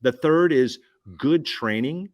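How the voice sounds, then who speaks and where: A man giving an energetic business pitch at a roundtable, punchy and repetitive, firing questions at the listener. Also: slow, dull audio. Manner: punchy, repeats key phrases, asks listener questions. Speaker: guest speaker.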